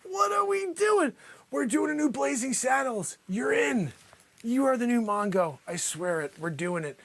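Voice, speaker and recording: A man's voice: very high voice, lively intonation, normal speed, gravelly, no room sound. A man hosting an improvised comedy news spot, rambling and teasing in a mock-anchor delivery. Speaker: comedy news show host.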